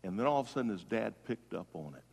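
A man's voice: lowish voice, big pitch swings, quick pace, vocal fry, slightly rough. Preaching man in a reverberant hall. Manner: preaching, swinging from loud emphatic calls to hushed soft tones. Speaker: pastor. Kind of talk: funeral sermon.

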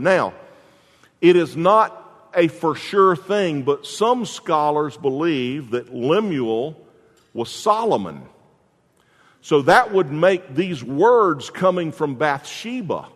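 Somewhat high in pitch, a male pastor preaches while a long reverb tail trails behind his words. He relates stories in a folksy style, restarting himself again and again.

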